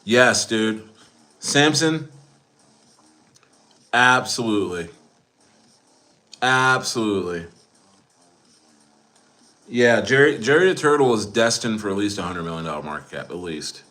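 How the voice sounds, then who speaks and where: A man's voice: on the low side, moderate pace, a bit bright. A man hosting a casual livestream, rambling about coins, repeating phrases and calling his viewers guys. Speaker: crypto streamer.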